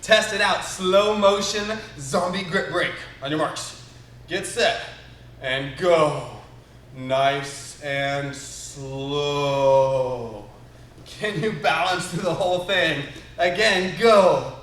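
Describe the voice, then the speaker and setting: A man's voice: sits high, measured pace, fairly bright tone, slight background noise. A man teaching a live online karate class for kids, upbeat and encouraging as he calls out counts and commands, filmed in a martial arts studio by a camera a few steps away. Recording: roomy studio echo.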